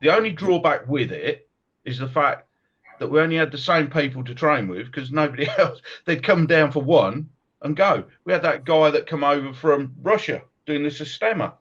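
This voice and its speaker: Animated man, dull lo-fi sound. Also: on the high side, moderate pace, breathy edge. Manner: animated storyteller, laughs often. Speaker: podcast host, martial arts coach. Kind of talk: casual chat.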